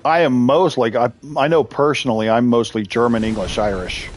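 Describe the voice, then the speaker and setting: A man hosts a live game stream in an easy, unscripted chat, his voice sitting at an ordinary middle pitch. He rambles and laughs often while answering viewers. Faint game music plays quietly underneath. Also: steady tone, a little fast. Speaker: live-stream gamer host.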